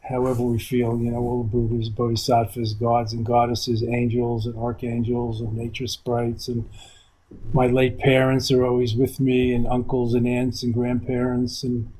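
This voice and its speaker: Older male meditation teacher, rambling reflective interview talk, middle pitch. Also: monotone, moderate pace, mellow, slightly rough, low-quality recording. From New York, USA. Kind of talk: reflective conversation. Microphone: video call.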